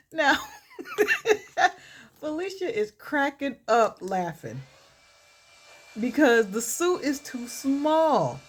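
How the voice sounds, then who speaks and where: A woman vlogger reading her own short story aloud in a relaxed way while doing her makeup, chuckling and stopping to comment on it. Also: high-pitched, drawn-out words, pauses often, a little hiss or hum. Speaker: vlogger and author.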